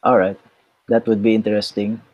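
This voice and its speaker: A man's voice: lowish voice, level tone, a little fast, no room sound, dull audio. A man co-hosting a casual chat, easygoing, mostly giving short agreeing replies. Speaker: co-host.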